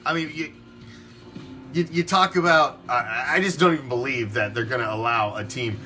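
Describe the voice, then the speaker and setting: A man's voice: medium pitch, normal speed, pushed and bright, faint music behind. A man hosting a fan sports show, ranting emphatically and swearing a lot. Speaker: fan podcast host. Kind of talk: opinionated sports talk rant.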